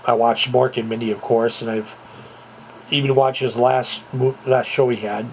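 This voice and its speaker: A man's voice: mid-range voice, flat delivery, moderate pace, low-quality recording. Guy rambling at home into his camera, ums everywhere, bit of faint noise behind. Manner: rambling, repeats himself, many fillers. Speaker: vlogger. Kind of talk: casual home video chat. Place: at home, indoors. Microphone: handheld camera, moving about.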